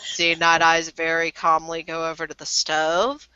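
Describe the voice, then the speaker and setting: A woman narrating a tabletop game as game master, relaxed and profane. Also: low voice, measured pace, clean tone, no room sound. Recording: dull lo-fi voice chat.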